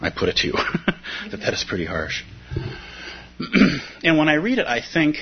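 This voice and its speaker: A man's voice: on the high side, huge pitch swings, unhurried, husky. A man giving a reflective, conversational dharma talk about a poem, often checking in with his listeners. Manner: reflective, conversational, frequent "right?". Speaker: dharma teacher. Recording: muffled lo-fi talk recording.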